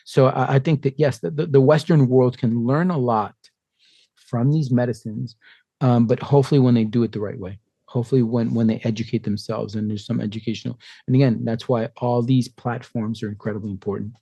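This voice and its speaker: A man in his fifties, a podcast guest telling stories in a lively way and acting out what other people said. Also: medium pitch, fairly quick, creaky, breathy edge, no echo. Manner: animated storyteller who acts out quoted voices. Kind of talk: conversational interview.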